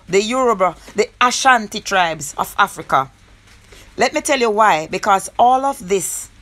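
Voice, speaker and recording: A woman's voice: mid-range voice, fairly bright tone. A woman from Jamaica with a Jamaican accent, ranting and scolding in a casual commentary, mixing patois into her speech. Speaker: online commentator. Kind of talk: casual rant.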